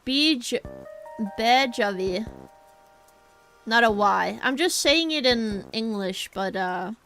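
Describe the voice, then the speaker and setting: A woman's voice: a little high, animated, slow pace, gravelly, a bit bright, soft background music. A young woman with a Norwegian accent, chatting casually with her stream chat while drawing, rambling and addressing viewers directly.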